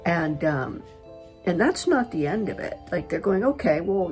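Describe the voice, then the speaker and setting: A middle-aged woman from California, chatty and animated, telling a personal story to camera as a travel vlogger. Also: lowish voice, normal speed, soft background music. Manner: chatty, animated retelling with quoted dialogue.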